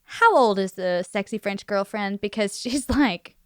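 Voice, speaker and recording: A woman's voice: mid-range voice, lively intonation, unhurried, smooth, dry recording, clean studio sound. A woman co-hosting a casual film podcast, frank and laughing often, swearing casually. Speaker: podcast co-host. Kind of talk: casual film-discussion chat.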